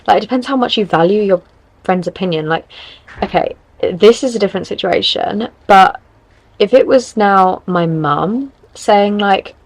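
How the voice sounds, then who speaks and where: A woman's voice: fairly low pitch, moderate pace, rough recording. A tired young woman hosting a podcast, giving frank, rambling advice in casual chat. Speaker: podcast host.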